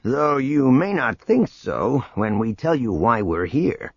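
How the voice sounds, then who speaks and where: A man's voice: medium pitch, very animated, takes it slowly, husky, dry recording, muffled recording, heavily acted. A man voicing a confident male adventurer who speaks positively and earnestly.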